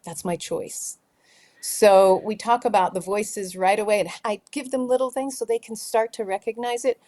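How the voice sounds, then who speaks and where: A woman's voice: medium pitch, moderate pace. A middle-aged woman, a youth leadership trainer, telling stories in an interview and acting out the dialogue. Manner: animated storyteller acting out dialogue. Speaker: guest, teen leadership trainer. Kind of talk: conversational interview storytelling.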